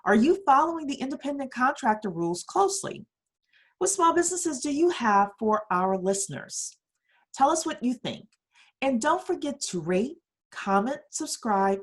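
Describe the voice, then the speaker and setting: A woman's voice: on the high side, sing-song, moderate pace, slightly rough. A woman hosting a daily economic news podcast, reading stories with emphatic rhetorical questions. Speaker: podcast host.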